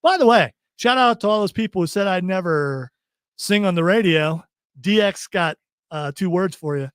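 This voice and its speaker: A man's voice: high-pitched, lively intonation, normal speed, fairly bright tone, smooth, dry recording, clean studio sound. A man hosting a radio show, casually joking and reading listener texts. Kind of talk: casual on-air banter.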